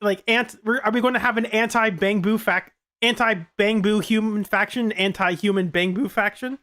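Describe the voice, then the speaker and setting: A woman streamer giving casual reaction commentary, rambling and quick to laugh. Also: medium pitch, steady tone, a bit bright. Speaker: gaming streamer.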